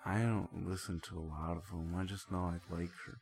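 Gravelly deadpan man chatting. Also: low voice, a little fast, slight background noise. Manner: deadpan, dry jokes. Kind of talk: casual chat.

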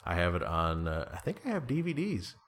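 Very low-voiced man rambling casually. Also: huge pitch swings, a little fast, a bit bright. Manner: rambling, self-deprecating, trails off with fillers and restarts. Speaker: guest being interviewed. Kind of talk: casual conversation.

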